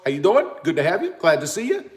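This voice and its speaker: A man hosting a casual livestream, talking loudly and reading out viewer comments. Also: on the high side, fast. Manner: loud, animated, reads viewer comments. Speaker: livestream host.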